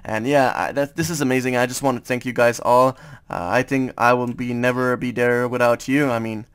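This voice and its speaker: A man's voice: medium pitch, fairly even intonation, a little fast, a bit bright, clear, resonant tone. French-accented young man narrating gameplay. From France. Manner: hesitant, full of fillers. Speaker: gaming YouTuber. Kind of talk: casual gaming commentary.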